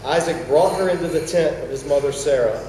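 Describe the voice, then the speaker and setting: A man's voice: a little high, brisk, darkish tone, slight background noise. Man teaching a Bible class in an echoey hall. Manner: conversational, jokey asides, asks the class questions. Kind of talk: casual Bible study teaching. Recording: roomy distant recording with long reverb.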